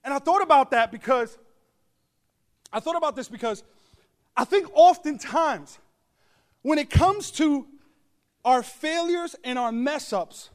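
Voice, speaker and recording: A man pastor delivering a humorous storytelling sermon to his congregation, animated with joking asides and bursts of shouting. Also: very high voice, unhurried, long pauses. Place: church service before a congregation.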